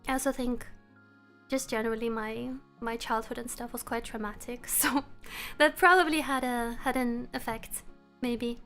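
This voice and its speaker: High-voiced woman chatting on a livestream. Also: moderate pace, soft background music. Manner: chatty and relaxed, laughs often, talks to her chat. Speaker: live streamer. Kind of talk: casual live-stream chat. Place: room at home.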